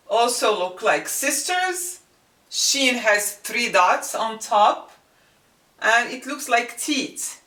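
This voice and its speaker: A woman's bright voice teaches letter sounds at a very unhurried pace, repeating each one. She sits a little away from the mic, and the room adds a noticeable echo. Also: on the high side, very animated. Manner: demonstrates sounds slowly with repetition. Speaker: Arabic teacher. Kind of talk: slow language lesson. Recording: echoey room, mic at a distance.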